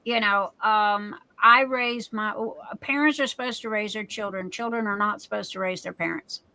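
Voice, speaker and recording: A woman's voice: mid-range voice, normal speed, bright, forceful tone, low-quality recording. A middle-aged woman hosting a livestream, telling a personal story in a candid, emotional way. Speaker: livestream host. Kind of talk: casual chat.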